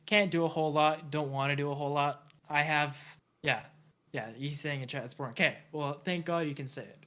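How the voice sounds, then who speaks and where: A man's voice: a little high, fairly bright tone. A man hosting a casual review show, hesitant and full of fillers, repeating himself as he judges an edit. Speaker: host reviewing video edits. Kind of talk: casual podcast chat.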